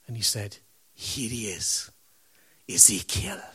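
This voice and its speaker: A man preaching a sermon, telling a story in a conversational way that swings from loud, punchy lines to hushed, reverent moments. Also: fairly low pitch, very animated, slow pace, husky.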